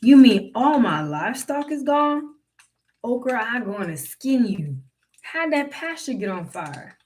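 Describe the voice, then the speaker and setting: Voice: medium pitch, sing-song, measured pace, darkish tone, a little hiss or hum, voice pushed up. A narrator voicing a fretful old male landowner who asks alarmed questions in a raised voice. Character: anxious old male plantation master, growing panicked.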